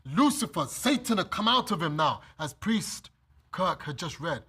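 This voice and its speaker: A man with a British accent, preaching a sermon and reading scripture, animated and acting out the scenes. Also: fairly high pitch, normal speed, slightly rough. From Britain. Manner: animated, acts out scenes, laughs often. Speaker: preacher leading bible study.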